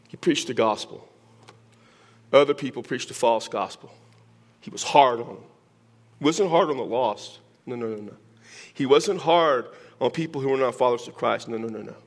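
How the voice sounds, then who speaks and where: An older man preaching a sermon, teaching verse by verse with joking asides to his congregation. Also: mid-range voice. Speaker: pastor.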